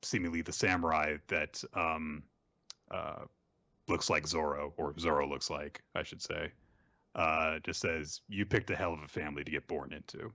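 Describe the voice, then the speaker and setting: Deep-voiced man recapping manga. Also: fairly even intonation, moderate pace, pushed and bright, no room sound, lo-fi sound. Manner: retells scenes, mimicking characters' lines. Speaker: podcast host. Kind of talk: casual comic manga recap.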